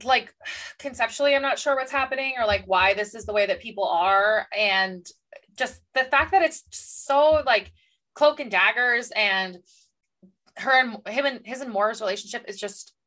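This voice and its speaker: A young woman co-hosting a podcast, venting about a book in quick, exasperated casual talk and acting out the characters' lines. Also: on the high side, pushed and bright. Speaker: podcast co-host.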